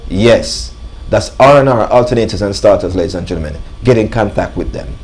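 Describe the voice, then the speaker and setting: Guy on talk radio, kinda low voice, keeps hammering "ladies and gentlemen". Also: brisk. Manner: emphatic, repeats "ladies and gentlemen". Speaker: radio show host. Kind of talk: live talk radio monologue with sponsor reads. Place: radio studio.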